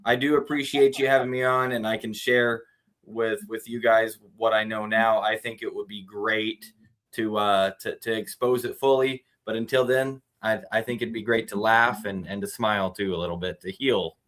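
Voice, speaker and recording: A man, a guest on a casual show, talking in a friendly, halting way. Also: fairly low pitch, steady tone, a bit bright. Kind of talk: casual chat.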